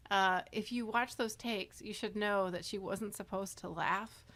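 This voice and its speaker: A woman's voice: mid-range voice, fairly even intonation, measured pace, fairly bright tone. A woman guesting on a podcast, chatty and giggly in casual conversation. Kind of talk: casual chat.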